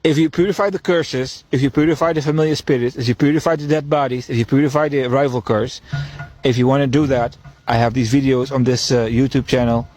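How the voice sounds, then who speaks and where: A man's voice: mid-range voice, a little mellow. A man hosting a podcast as a rambling solo monologue. He repeats himself and chuckles between his points. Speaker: podcast host.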